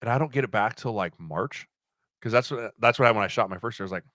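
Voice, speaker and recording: Lively storytelling man with bright tone. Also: on the low side, fast, no echo. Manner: animated storyteller, acts out quotes. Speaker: podcast guest. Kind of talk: casual chat.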